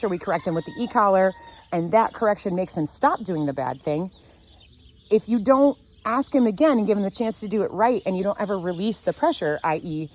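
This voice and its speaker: A woman dog trainer teaching outdoors, calm and sure as she explains leash handling. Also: medium pitch, slight background noise. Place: outdoors near a fenced dog area.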